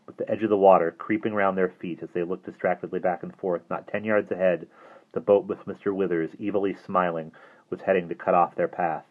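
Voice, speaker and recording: A man reading a novel aloud as audiobook narration, in a steady, measured way. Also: low voice. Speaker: audiobook reader. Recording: tinny phone-like audio.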